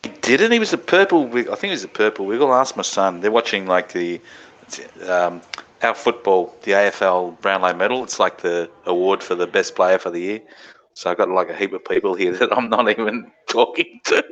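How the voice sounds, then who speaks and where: A man's voice: low-pitched, brisk, a bit bright, dull audio. A middle-aged Australian man hosting a casual late-night stream, rambling, swearing freely and laughing often. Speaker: livestream host.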